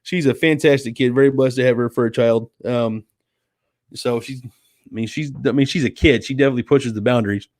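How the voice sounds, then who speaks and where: An easygoing man hosts a late-night live stream from home. He reads viewer comments aloud and answers them in a chatty, friendly way, calling people sweetie and dude. His mid-pitched voice sounds dry and close, with no room echo. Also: fairly quick, a little mellow. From United States. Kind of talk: casual chat reading viewer comments.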